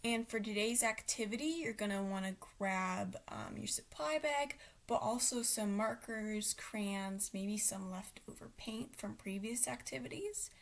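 A woman leading a children's craft activity, giving friendly, relaxed instructions with frequent fillers. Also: medium pitch, a little slow, hardly any pauses.

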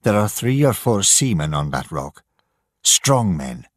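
A man voicing a quiet, resolute middle-aged father who keeps a lighthouse, in a storybook reading. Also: fairly low pitch, sing-song, unhurried, no room sound, clean studio sound. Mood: quiet resolve. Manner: quiet and firm.

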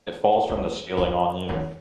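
A man playing a co-op horror game with friends, swearing loudly when something jumps out. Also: low voice, fairly even intonation, normal speed, very echoey, rough recording. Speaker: co-player. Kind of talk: casual gaming chat.

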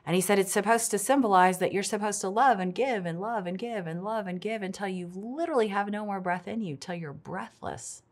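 A woman's voice: mid-range voice, brisk, hardly any pauses. A middle-aged woman giving an earnest, reflective devotional talk as a ministry speaker.

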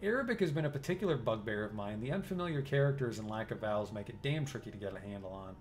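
A man's voice: on the low side, lively intonation, slight background noise, pitched below the performer's own voice, close to an everyday voice. A man voicing a cultured, polite engineer. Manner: pleasant, measured, formal. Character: cultured middle-aged male engineer, polite, precise. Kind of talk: reading game dialogue aloud.

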